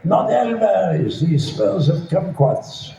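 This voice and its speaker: A man's voice: a little high, very animated, unhurried, far from the mic, muffled recording, very noisy. A man answering audience questions at a convention, with dry, profane comic wit. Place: large convention hall. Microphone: PA system heard through a phone from the crowd. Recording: echoey hall, phone filmed from the audience.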